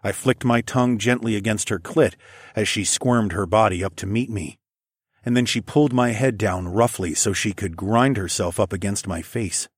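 A man reading a first-person story in a low, slightly husky voice, calm and measured. The recording is close and dry, with no room sound. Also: dry recording. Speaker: narrator.

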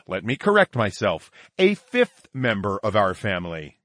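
A man's voice: on the low side, wildly swooping pitch, moderate pace, hardly any pauses, a bit bright, no room sound, clean studio sound. A man narrating a first-person story in a dramatic, theatrical manner.

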